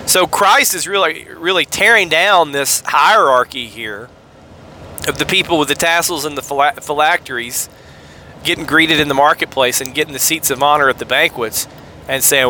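Podcast host, fiery and sarcastic, rambles off on tangents, higher-pitched crisp voice, faint road noise behind him. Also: male voice, expressive, normal speed, bright, forceful tone. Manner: fired-up, sarcastic, rambling asides. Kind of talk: podcast commentary on scripture.

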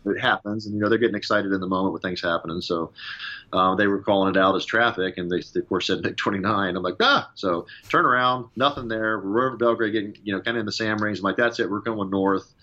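A former fighter pilot telling a casual story in an interview, fast and animated, acting out radio calls as he goes. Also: fairly low pitch, highs cut off.

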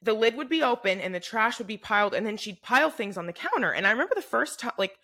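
A young woman co-hosting a podcast, telling a story in a casual, animated, profane way and acting out what people said. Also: fairly high pitch, fast. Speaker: podcast co-host. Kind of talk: casual chat.

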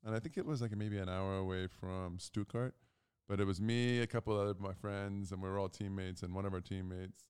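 A man's voice: a little fast, clear, resonant tone. A man in his thirties co-hosting a casual chat, telling stories animatedly and acting out other people's lines. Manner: animated, acts out quotes in loud, high voices. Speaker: podcast co-host.

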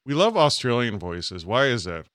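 In a casual comedy podcast, a male co-host with a medium-pitched, fairly bright voice speaks at a moderate pace with big swings in pitch. He cracks jokes and now and then slips into silly voices.

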